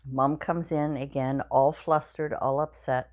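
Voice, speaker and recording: Low-voiced woman, 60s, home vlogger; tired, yawning, rambling chatty delivery. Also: steady tone, unhurried, darkish tone. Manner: rambling, chatty storytelling with many fillers. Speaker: craft channel vlogger. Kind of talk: casual chat to viewers. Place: home craft room.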